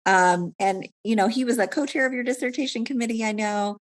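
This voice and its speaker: A woman's voice: a little high, a little fast. A woman hosting a podcast interview, asking questions with enthusiasm and frequent laughter. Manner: warm, enthusiastic, laughs often. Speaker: podcast host.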